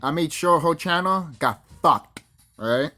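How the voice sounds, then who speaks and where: Brief: mid-pitched vlogger, big lively swings in pitch, foul-mouthed boastful rant. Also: unhurried. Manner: profane, boastful, acts out quoted voices. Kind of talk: ranting monologue.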